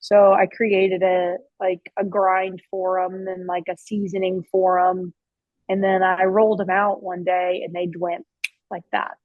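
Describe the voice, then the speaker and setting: A woman's voice: fairly low pitch, level tone, measured pace, dry recording, narrow, tinny audio. A woman who owns and cooks at a barbecue restaurant, telling stories in a casual interview, chatty, with many restarts and the odd casual swear. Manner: chatty, with frequent restarts and fillers. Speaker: barbecue restaurant owner and chef. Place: her restaurant.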